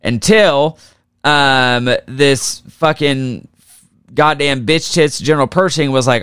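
Male podcast host, casual and crude storytelling, smooth clear voice, dry close-mic sound. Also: mid-range voice, slow, fairly bright tone, no room sound. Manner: profane, jokey, does mocking voices for historical figures.

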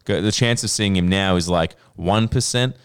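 A young Australian man co-hosting a casual chat, animated and quick to laugh along. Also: sits low, clean tone. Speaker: podcast co-host.

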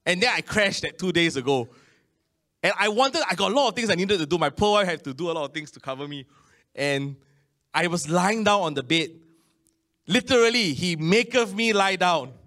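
A man's voice: fairly high pitch, bright, forceful tone. Singaporean man preaching a sermon. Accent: Singaporean English. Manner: conversational preaching with Amen refrains and slow emphatic phrases.

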